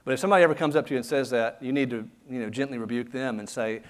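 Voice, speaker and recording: A pastor delivers his sermon earnestly and conversationally, addressing the congregation directly and relying on rhetorical questions. His voice is at a typical middle pitch for a man, and he speaks at a racing pace.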